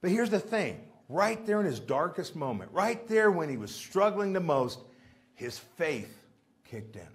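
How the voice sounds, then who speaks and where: Animated pastor preaching. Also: male voice, sits high, moderate pace, few pauses. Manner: animated, asks the congregation rhetorical questions; acts out pleading prayers in a raised voice. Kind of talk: sermon. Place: church.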